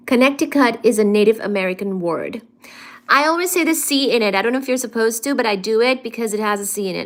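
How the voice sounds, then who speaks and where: A woman with a slightly high voice chats casually with her live stream audience from home. She is playful and affectionate, greeting viewers by name and reading out their comments. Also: lively intonation, brisk. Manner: affectionate, calls viewers "darling".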